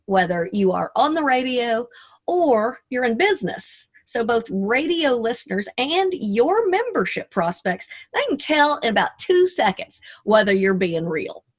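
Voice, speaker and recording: A middle-aged woman from Arkansas with a Southern US accent, a radio DJ giving a lively motivational talk over a video call, folksy and chatty with playful asides. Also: fairly high pitch, a little slow. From Arkansas, USA.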